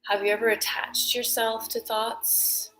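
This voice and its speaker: A woman leading a guided breathing meditation, soft-spoken and calm, often drifting into whispers, then gently teaching. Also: on the high side, measured pace, faint music behind, poor audio.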